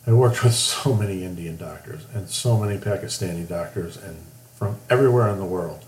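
A man's voice: low voice, normal speed, a little mellow. A middle-aged man hosting a podcast monologue, talking bluntly and plainly about working in medicine. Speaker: podcast host, former medical worker. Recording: echoey room, faint hum.

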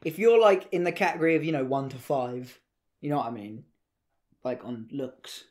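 A man's voice: mid-range voice, normal speed. An English man, a podcast co-host, chatting casually with friends, swearing freely and acting out exaggerated voices in his stories. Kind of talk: casual banter among friends.

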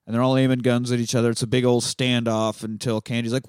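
A man recaps a movie's story on his podcast in loose, joking, profane chat. His mid-range voice is fast, flat, a little mellow and smooth, recorded with clean studio sound and no room sound.

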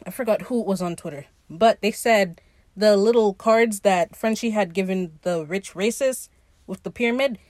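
A young woman hosting a podcast, recapping a TV episode in an animated, profane, teasing way. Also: mid-range voice, normal speed, no echo. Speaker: podcast host.

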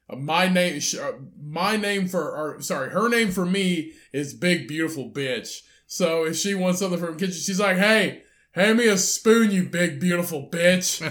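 Young guy podcast cohost, swears a lot, ribbing his buddy, kinda high voice. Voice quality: loud, profane and teasing. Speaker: podcast co-host. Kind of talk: crude casual banter.

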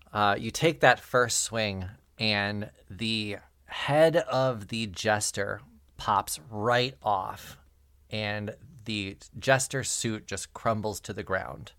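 A man running a tabletop game, narrating at an unhurried pace and chuckling often. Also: lowish voice, a bit bright, no echo, clean studio sound. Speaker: game master.

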